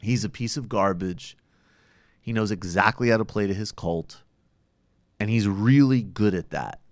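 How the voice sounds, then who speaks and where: A man's voice: on the low side, measured pace, no echo, studio quality. A man hosting a podcast, giving blunt, opinionated political commentary that is profane at times. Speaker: podcast host.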